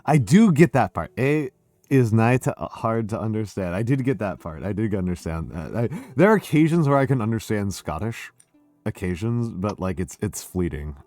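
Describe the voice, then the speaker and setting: A man's voice: on the low side, very animated, moderate pace, a little mellow, no echo, faint music behind. An older American man hosting a casual, tipsy drinking stream, rambling and self-deprecating, swearing freely. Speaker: streamer host.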